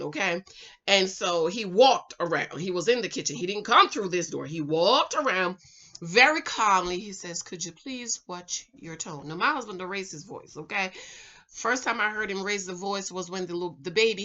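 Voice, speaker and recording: Woman, middle-aged, casual vlog commentary, chatty, animated, fairly high voice, muffled lo-fi sound. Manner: animated, talks straight to viewers as "girl" and "ladies", keeps checking with "okay?". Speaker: vlogger reviewing a reality show. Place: her home.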